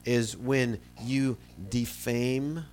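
A man preaching a sermon, moving between loud emphasis and quiet, low asides as he retells a Bible story. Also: steady tone, very slow, slight background noise. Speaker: pastor.

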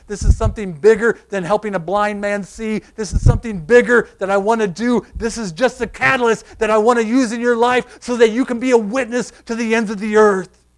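A man preaching a sermon, pressing his listeners with repeated rhetorical questions and sinking to a soft, quiet close. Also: high-pitched.

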